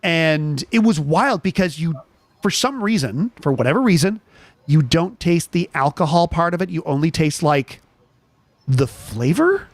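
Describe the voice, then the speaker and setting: Male host, animated anecdote teller, lively and up-pitched, dry close-mic. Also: a little slow, no echo. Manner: animated storyteller, restarts often. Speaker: chat show host. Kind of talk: casual anecdote on a chat show.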